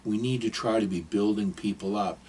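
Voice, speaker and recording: A man's voice: lowish voice, steady tone, normal speed, darkish tone, husky. An older man giving advice in a casual, rambling, digressive monologue to camera.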